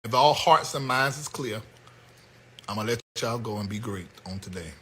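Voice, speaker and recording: An American man hosting a comedic commentary show, ranting bluntly with loud outbursts. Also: mid-range voice, moderate pace, a little hiss or hum. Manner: animated, blunt, yelling outbursts. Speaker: host.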